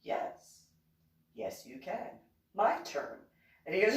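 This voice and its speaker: A woman, a reverend, casually telling stories in a chatty, animated way and giggling often. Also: medium pitch, slow. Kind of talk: casual storytelling. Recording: echoey room, distant from mic.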